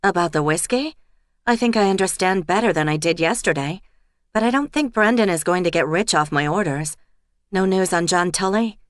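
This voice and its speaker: A woman's voice: fairly low pitch, expressive, moderate pace, no echo, clean studio sound, natural voice. A woman voicing a young female pub owner who speaks directly and a little impatiently.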